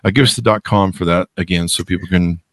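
Low-voiced male podcast host, dry close mic. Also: fairly even intonation, quick pace, fairly bright tone, no room sound. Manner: emphatic, jumps up in pitch to stress points. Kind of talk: casual interview chat.

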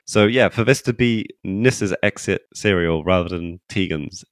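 A man with a fairly low voice rambles enthusiastically through a casual chat with his co-host, often restarting his sentences. The sound is close and dry, with no room around it. He talks in an easygoing, conversational way. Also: moderate pace, no room sound. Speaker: podcast co-host. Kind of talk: casual chat reviewing a TV episode.

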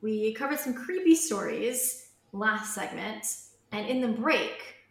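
A woman's voice: fairly high pitch, lively intonation, slow, gravelly. A woman hosting a podcast, introducing guests in an upbeat, easy way. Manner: upbeat, easy, laughs along. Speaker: podcast host. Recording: roomy echo with faint noise.

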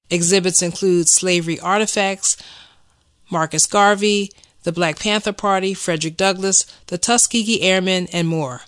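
A woman reads the news headlines in an even, measured voice. Her tone is bright and crisp. The sound is dry and close, with no room around it. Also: on the low side, no echo. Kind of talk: scripted news reading.

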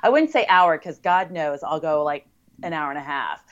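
A woman's voice: sits low, expressive, moderate pace. Chatty American woman, lo-fi audio. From United States. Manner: chatty, upbeat, many fillers. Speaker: podcast guest. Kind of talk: casual interview chat.

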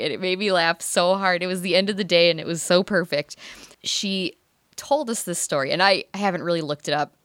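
A woman co-hosting a casual chat, telling a story with lots of laughter and animated imitations. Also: on the low side, normal speed, dry recording, studio quality. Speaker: podcast co-host.

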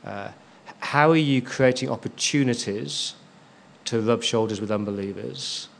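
A man's voice: medium pitch, moderate pace, creaky. A man preaching a sermon as a pastor, stressing key words and repeating them for emphasis.

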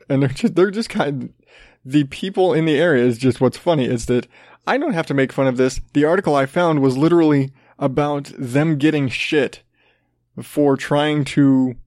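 A man's voice: mid-range voice, moderate pace, darkish tone, no room sound, studio quality. Sarcastic, profane man ranting. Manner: sarcastic, profane, rambling with restarts. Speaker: podcast host. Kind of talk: casual ranting commentary.

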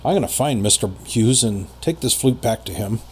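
A man telling a personal story in casual conversation as a podcast guest, rambling with many pauses and fillers. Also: medium pitch, lively intonation, slight background noise.

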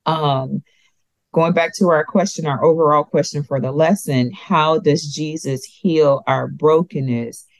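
A woman's voice: low-pitched, fairly even intonation, a little slow, no echo, low-quality recording. Earnest woman teaching a Bible lesson. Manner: earnest and emphatic, repeating key points.

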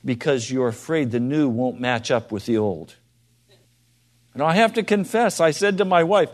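A man preaching a sermon, asking his listeners direct questions and moving between soft, quiet asides and loud, emphatic appeals. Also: mid-range voice, animated, moderate pace.

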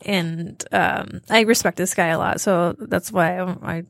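A woman co-hosting a podcast, telling stories in a rambling, halting casual chat. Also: fairly low pitch, steady tone, vocal fry, a bit bright, no room sound, studio quality. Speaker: podcast co-host.

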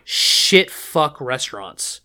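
A man's voice: mid-range voice, very animated, takes it slowly, sharp tone. A man chatting as a podcast guest, rambling and emphatic, with lots of fillers and restarts. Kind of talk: casual chat.

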